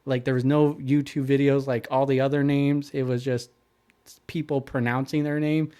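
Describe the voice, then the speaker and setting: A man's voice: mid-range voice, level tone, moderate pace, warm tone, smooth. A man co-hosting a podcast, reading through follow-up notes in casual chat with fillers. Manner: reads notes and lists, hesitant with fillers. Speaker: podcast co-host.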